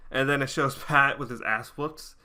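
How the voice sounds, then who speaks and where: A man's voice: mid-range voice, fairly even intonation, moderate pace, pushed and bright. A young man hosting a reaction video, casually recapping episodes in a rambling way with many restarts and fillers.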